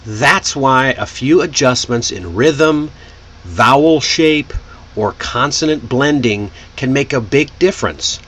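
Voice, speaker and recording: A man from Texas, teaching an online English pronunciation lesson. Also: mid-range voice. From Texas, United States. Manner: slow, lively, animated delivery.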